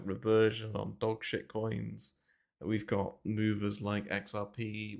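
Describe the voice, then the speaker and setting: Low gravelly Englishman on a livestream. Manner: rambling, filler-heavy, swears casually. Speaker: crypto trading streamer. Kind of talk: casual livestream market commentary. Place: small bare room. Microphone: desk mic moved close to mouth.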